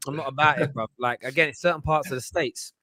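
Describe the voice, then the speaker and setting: An English man co-hosts a casual podcast chat, rambling through anecdotes full of restarts and slang. His voice is a little high, fast, pushed and bright, with no echo.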